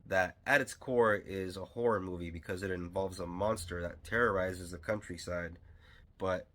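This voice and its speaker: Low-voiced man rambling through a film review. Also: steady tone, moderate pace, a bit bright. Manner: loose and rambling, with many fillers and restarts; enthusiastic fan. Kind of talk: casual spoken film review.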